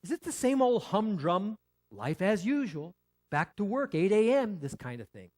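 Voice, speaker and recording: A male pastor preaching a sermon in a conversational way, with rhetorical questions, repetition and frequent restarts. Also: high-pitched.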